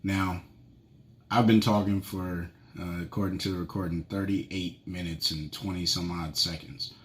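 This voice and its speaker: A man's voice: sits low, fairly even intonation, unhurried. A man in his thirties hosting a solo podcast with advice for husbands, talking in a rambling, conversational way with many fillers. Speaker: podcast host, marriage coach for husbands.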